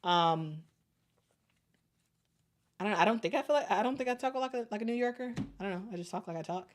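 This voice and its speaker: A young woman with a Chicago accent hosting a casual sports livestream, talking in a halting way with lots of fillers and restarts. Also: mid-range voice, lively intonation, slight background noise. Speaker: sports show host. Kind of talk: casual livestream chat reading super chats.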